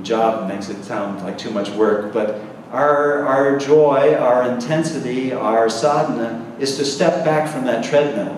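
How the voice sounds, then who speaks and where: A middle-aged man giving a conversational spiritual talk to a gathering, telling stories with quick asides and repeated words. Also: mid-range voice, a little mellow, slight background noise. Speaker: visiting spiritual speaker. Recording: echoey hall recorded from far off.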